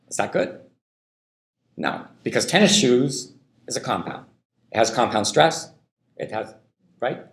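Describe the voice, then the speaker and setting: A man's voice: mid-range voice, lively intonation, measured pace, gravelly, long pauses. A man giving a university linguistics lecture, thinking aloud with many fillers and frequent "right?" checks to the class. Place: lecture hall. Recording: echoey lecture hall.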